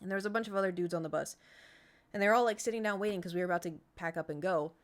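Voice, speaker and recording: A woman's voice: fairly low pitch, rapid-fire. A woman streamer telling a story in casual, rambling chat, full of fillers and restarts. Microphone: streaming setup.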